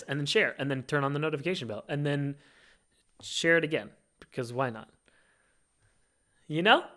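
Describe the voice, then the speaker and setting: Man, podcast host, casual monologue, lots of fillers, animated, slightly high-pitched. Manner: animated, rambling with many fillers.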